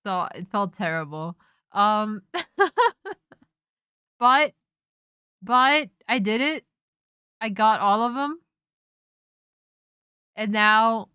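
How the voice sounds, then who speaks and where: A young woman streamer in casual chat, telling a rambling, animated story full of restarts and self-interruptions. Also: mid-range voice, smooth, no room sound, clean studio sound. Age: young adult.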